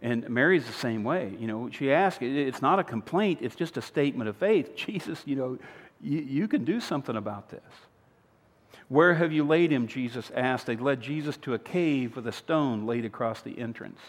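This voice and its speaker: Preacher telling a story in a reverberant hall. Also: male voice, medium pitch, lively intonation, moderate pace. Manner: storytelling with humor, loud emphatic retellings and quiet earnest appeals. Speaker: pastor. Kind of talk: sermon.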